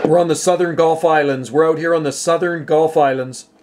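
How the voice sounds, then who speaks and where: A man from Canada works the CB radio in a slightly high voice, rattling off call signs and radio lingo. Clear static hisses behind his station. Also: fairly even intonation, brisk. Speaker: CB radio operator. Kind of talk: casual CB radio chat.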